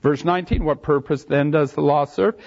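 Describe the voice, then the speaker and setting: A man's voice: on the high side, a little fast, creaky, a little mellow. A man preaching, reading scripture aloud and explaining it verse by verse, leaning hard on key phrases. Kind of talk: expository Bible teaching. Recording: dull lo-fi sermon recording.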